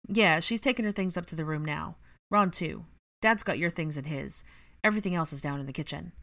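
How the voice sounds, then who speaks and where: A woman's voice: sits low, brisk, fairly bright tone. A woman reading the part of a teasing young man in a storybook reading.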